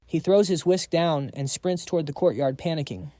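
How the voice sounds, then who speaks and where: A man narrating a comic story recap in an even storytelling delivery. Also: a little high, normal speed, no room sound, clean studio sound.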